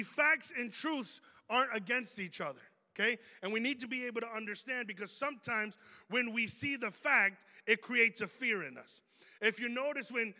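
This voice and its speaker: A man preaching a sermon to a room, animated and joking as he makes his points. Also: extremely high pitch. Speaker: pastor. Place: church auditorium. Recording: reverberant hall. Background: long hall reverb.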